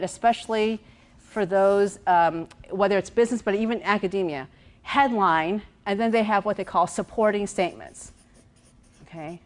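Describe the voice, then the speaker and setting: A woman executive coach giving a lively workshop talk, walking around as she speaks, repeating words and checking in with her listeners. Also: medium pitch, normal speed. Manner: walks around while speaking.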